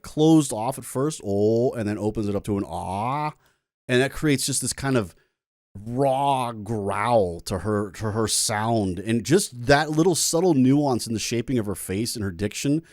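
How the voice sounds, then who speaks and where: Music teacher guy gushing over a singer's technique, dry close sound, mid-pitched voice. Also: darkish tone, no echo. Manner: enthusiastic, breaks down vocal technique, apologetic asides. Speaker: music teacher reacting to a song. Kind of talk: casual reaction commentary.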